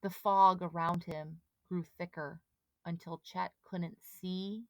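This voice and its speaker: A woman reads a storybook aloud with steady, dramatic pacing. Her voice sits low for a woman, and the recording is dry and close. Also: takes it slowly, no echo. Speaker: audiobook reader. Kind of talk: storybook narration.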